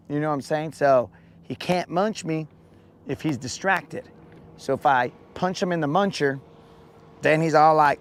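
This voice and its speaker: A man chats with his live stream in a rough morning voice, his mouth dry. He rambles playfully and calls everyone bro, in a somewhat high voice. The sound is close and dry. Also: no echo. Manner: playful rambling storyteller, addresses chat as bro. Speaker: fishing stream host. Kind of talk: casual live-stream chat.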